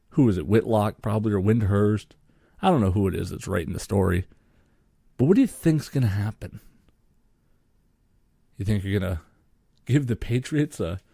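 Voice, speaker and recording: Going solo in a sports podcast rant, this young co-host is sarcastic and swears without restraint. He has a lowish, creaky voice with a dark tone, recorded dry with studio quality.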